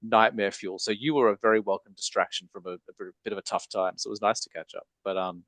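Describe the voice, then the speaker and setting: This is a man with a fairly low voice hosting a podcast. He speaks into a close microphone with little room sound. His delivery is upbeat and chatty, full of ums and uhs. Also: steady tone, quick pace, fairly bright tone, no room sound, poor audio. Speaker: podcast host. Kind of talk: casual podcast chat.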